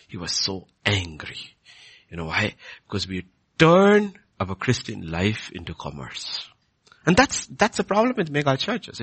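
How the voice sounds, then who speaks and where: A man preaching a sermon, passionate, moving from quiet asides to loud indignant outbursts. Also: on the low side, vocal fry, slightly rough, dry recording.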